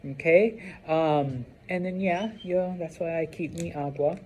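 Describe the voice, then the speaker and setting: A man teaching a Spanish class in a classroom, chatty and relaxed, checking in with "okay?" again and again. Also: a little high, unhurried, slight background noise. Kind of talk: classroom lesson.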